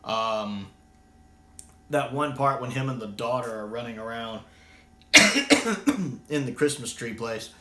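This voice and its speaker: A man's voice: mid-range voice, animated, takes it slowly, long pauses, sharp tone. An American man giving a casual, rambling spoken review, often restarting his sentences. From United States. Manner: rambling, frequent restarts and fillers. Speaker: video reviewer. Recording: roomy echo.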